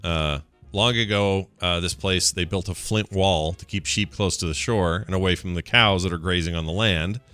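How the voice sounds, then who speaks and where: A man's voice: deep voice, moderate pace, bright, forceful tone, clear, resonant tone, soft background music. A man co-hosting a podcast, chatting casually and reading out odd news stories. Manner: chatty, reads out news items. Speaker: podcast co-host. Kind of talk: casual chat.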